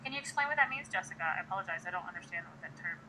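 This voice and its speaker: A woman's voice: on the low side, lively intonation, very fast, pushed and bright, a little hiss or hum, low-quality recording. A woman giving a casual live-streamed singing lesson, chatting to viewers and demonstrating sounds as she explains. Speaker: voice teacher.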